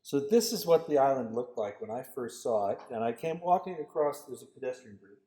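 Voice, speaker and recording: A man giving a guest lecture, telling lively anecdotes about a park design project. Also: mid-range voice, fairly quick. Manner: storytelling, animated quoted voices. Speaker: guest lecturer, landscape architect. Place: lecture hall. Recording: echoey lecture hall.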